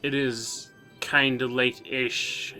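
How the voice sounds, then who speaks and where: Bright-voiced young man, tired gamer banter. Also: medium pitch, flat delivery, slow, faint music behind. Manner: yawning, tired, rambling with stammered restarts. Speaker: let's play co-host. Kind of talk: casual gameplay chat.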